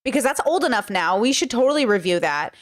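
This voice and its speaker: A woman's voice: on the high side, very animated, fast talker. A woman hosting a podcast, chatting in a rambling, casual way while reacting to a clip. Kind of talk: casual commentary.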